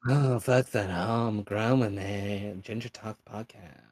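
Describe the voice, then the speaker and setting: A man co-hosting a podcast in casual chat, relaxed and swearing freely. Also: fairly low pitch, measured pace. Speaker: podcast co-host.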